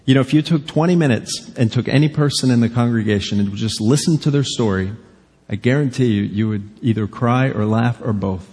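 Husky-voiced man preaching in a reverberant hall. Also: mid-range voice, a little fast, darkish tone. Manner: earnest, conversational preaching with rhetorical questions. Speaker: pastor. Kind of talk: sermon. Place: church sanctuary. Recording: long reverb of a large hall.

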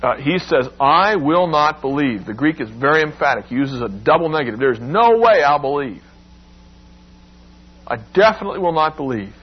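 Husky preacher man, lo-fi. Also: mid-range voice. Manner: expressive, acts out quoted lines with emphatic rises. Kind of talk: sermon.

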